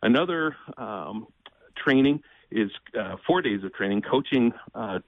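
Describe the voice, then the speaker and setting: A man speaking as a guest in an interview, earnest and measured, often pausing with fillers and restarting. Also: mid-range voice, animated, dry recording, phone-quality sound. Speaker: ministry president, guest. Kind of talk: conversational interview.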